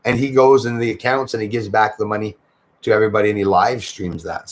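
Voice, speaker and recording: A man's voice: lowish voice, steady tone, fast talker. A man hosting a livestream, chatting casually and greeting viewers by name as he rambles along. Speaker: livestream host. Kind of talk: casual chat reading out viewer comments.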